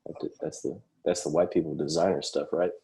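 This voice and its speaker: A man's voice: extremely low pitch, fairly even intonation, fast talker, gravelly, mellow. A man co-hosting a podcast, trading crude jokes in casual chat. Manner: joking, crude banter. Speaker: podcast co-host.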